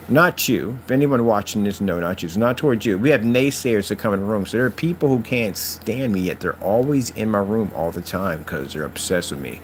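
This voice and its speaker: A man's voice: brisk, few pauses, a little hiss or hum. A man hosting his own channel, talking straight to his critics in a mocking, preachy rant. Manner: taunting, preachy, lively swings in pitch. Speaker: channel host. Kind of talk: ranting vlog talk to critics.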